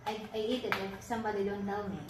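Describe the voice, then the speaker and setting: Casual vlog host, woman, Filipino accent, pushy and playful, off-mic in a roomy kitchen with loud dish noise. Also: medium pitch, little pitch movement, quick pace. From Philippines. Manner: insistent, coaxing, chatty. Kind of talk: casual dinner-table chat. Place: home dining table. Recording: echoey room, mic at a distance, dinner clatter.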